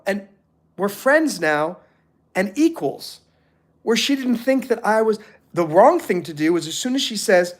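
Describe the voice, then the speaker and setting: A middle-aged man on a motivational live stream, telling animated stories and acting out the people he quotes. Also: sits high, normal speed, long pauses.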